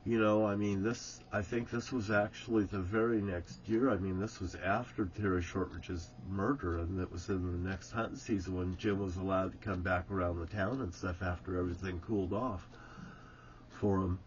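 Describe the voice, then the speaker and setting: A man's voice: low voice, fairly even intonation, moderate pace, muffled recording, a little hiss or hum. A man telling an old story casually, rambling and swearing freely, often breaking into chuckles.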